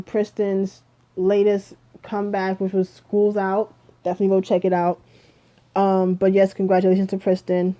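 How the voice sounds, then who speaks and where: A young woman vlogging a casual music review, chatty and rambling with lots of fillers, sleepy and yawning. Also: medium pitch. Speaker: K-pop vlogger. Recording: dull lo-fi home recording.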